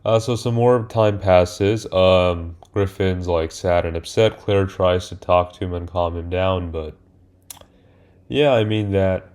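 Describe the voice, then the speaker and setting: A man's voice: low-pitched, fairly even intonation, takes it slowly, a little mellow. A man casually recapping a movie's plot as a reviewer, rambling with many fillers and restarts. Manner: rambling, hesitant, many fillers and self-corrections. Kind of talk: casual spoken film recap.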